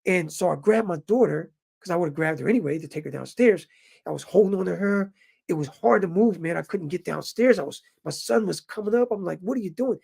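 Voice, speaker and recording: A man in his fifties telling his viewers a story in a casual, animated way and calling them brothers. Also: high voice, fairly quick, creaky, breathy edge. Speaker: vlogger living in Japan.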